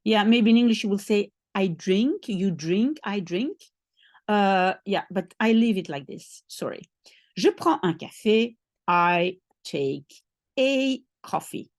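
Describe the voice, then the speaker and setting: A woman's voice: medium pitch, expressive, slow pace, no room sound, studio quality. A woman teaching a lesson, patient and explaining step by step, often checking if she is understood. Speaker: language teacher. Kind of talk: one-on-one French lesson.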